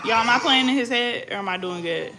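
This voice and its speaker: A young woman vlogger from the Bay Area in California chats casually in a loose, slangy, joking way, with bursts of loud scolding. Her voice is a little high and she talks fast.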